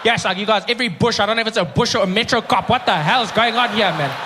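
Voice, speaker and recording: A man's voice: high voice, very fast, in a large hall, a crowd in the background, noisy background, natural voice. A man playing an irritable male driver who complains in a huffy, exasperated way. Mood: annoyed.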